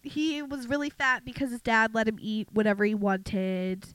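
A woman with a fairly high voice co-hosts a casual film review podcast. She chimes in with short agreements and giggles. The recording is dry and close to the mic. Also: fairly even intonation, a bit bright, clear, resonant tone, no echo. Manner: quick agreeing interjections, giggly. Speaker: podcast co-host. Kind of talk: casual movie review chat.

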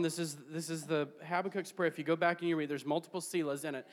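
A man preaching a sermon to a congregation, reading scripture aloud and building to shouted peaks, with jokes and laughter along the way. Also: on the high side, quick pace, hardly any pauses. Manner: preaching with rising bursts of shouting. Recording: long hall reverb.

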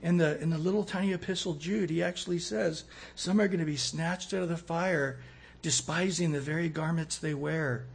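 A man preaching a sermon, acting out quoted voices and swinging between loud and soft. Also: a little high, steady tone, moderate pace, gravelly, husky. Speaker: pastor.

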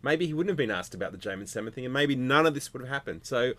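A man's voice: mid-range voice, lively intonation, very fast, a bit bright. A man co-hosting a casual sports podcast, ribbing his co-host in long, rambling wry stories.

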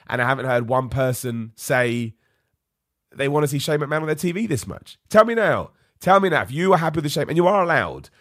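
Ranty man with a lively voice. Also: medium pitch, no room sound, clean studio sound. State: ill, voice going. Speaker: wrestling podcast host. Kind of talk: live-streamed podcast rant.

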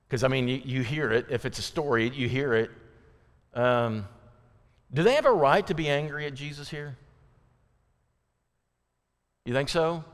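A man's voice: mid-range voice, smooth. A man leading a Bible study in a casual, conversational way, often putting questions to the group and restarting his sentences. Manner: conversational, asks the audience questions, many fillers and restarts. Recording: long hall reverb.

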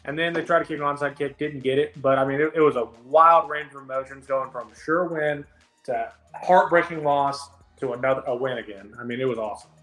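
A man co-hosting a sports podcast, telling stories in an animated, profane way. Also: mid-range voice, brisk, reverberant. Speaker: podcast co-host. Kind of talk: casual sports chat.

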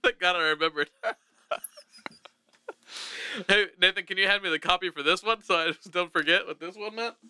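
A man's voice: high voice, normal speed, pauses often, sharp tone, clear, resonant tone, no echo. A man hosting a casual comedy podcast, rambling and laughing often as he jokes. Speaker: podcast host.

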